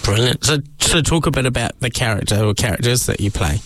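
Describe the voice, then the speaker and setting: A man's voice: mid-range voice, lively intonation, fast, fairly bright tone, dry recording. Encouraging male interviewer, dry sound. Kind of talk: interview questions.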